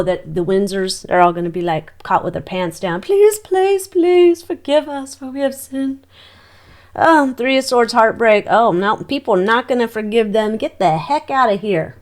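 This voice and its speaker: Woman reading tarot cards, chatty, gasps and oohs a lot, medium pitch. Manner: chatty, exclamatory, talks to her cards. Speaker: tarot reader. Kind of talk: casual psychic tarot reading to camera.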